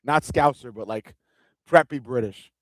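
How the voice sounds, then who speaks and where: A man's voice: mid-range voice, unhurried, no echo. A man hosting a live fight watch-along, chatting casually and joking with loose, rambling restarts. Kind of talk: casual live-stream chat.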